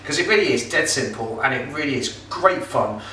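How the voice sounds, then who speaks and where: A middle-aged man with a bright, forceful voice talks through a cooking demonstration in a chatty, joking way, full of ums and uhs. He sounds a little way off the mic, and the kitchen gives his voice a roomy echo. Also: medium pitch, expressive, fairly quick, recorded from a distance, a little hiss or hum. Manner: chatty, jokey, with filler words. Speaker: pizza kit seller and presenter.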